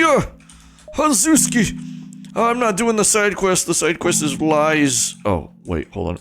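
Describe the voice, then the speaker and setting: A man streaming a game live, joking at himself and swearing, with sudden excited yelps. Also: high voice, slow, long pauses, music in the background. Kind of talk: live gameplay commentary.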